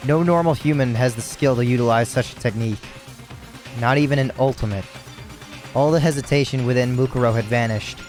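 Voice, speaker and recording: A tired man reads a video game's story aloud at an even middle pitch. He trips over words, corrects himself and drops casual asides between the lines. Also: brisk, faint music behind. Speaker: let's play narrator.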